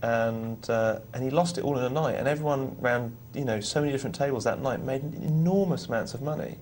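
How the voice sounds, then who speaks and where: A man's voice: mid-range voice, a little fast, darkish tone, slight background noise. A man co-hosting a live poker show, explaining ideas thoughtfully with occasional restarts. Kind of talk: live on-air poker talk.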